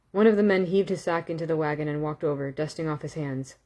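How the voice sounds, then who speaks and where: Low-voiced woman reading a novel aloud. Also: fast, lo-fi sound. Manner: calm, with small self-corrections and asides. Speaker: audiobook reader.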